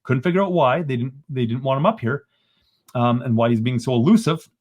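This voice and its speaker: A man, a podcast guest retelling events in an animated, exasperated way and often ending lines with "right?". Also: mid-range voice, fairly quick, muffled recording. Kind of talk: casual storytelling in a podcast interview.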